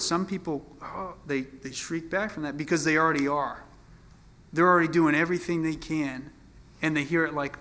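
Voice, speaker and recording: A pastor delivers a sermon in an easygoing, folksy manner, talking to his congregation like friends. His voice sits a little high for a man and has a bright, forceful edge. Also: fairly even intonation, a little fast. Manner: conversational, folksy preaching with fillers.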